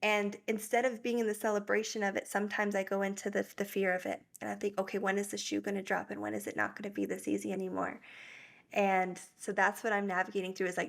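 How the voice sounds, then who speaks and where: A woman's voice: mid-range voice, level tone, quick pace, vocal fry. Earnest reflective woman guest. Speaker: guest, breathwork facilitator. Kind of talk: conversational interview.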